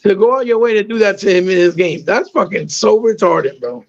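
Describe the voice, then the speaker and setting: High-voiced man ranting, dull lo-fi sound. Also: a little fast, vocal fry. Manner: profane, fired-up, ranting. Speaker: podcast co-host. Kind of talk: heated casual podcast rant.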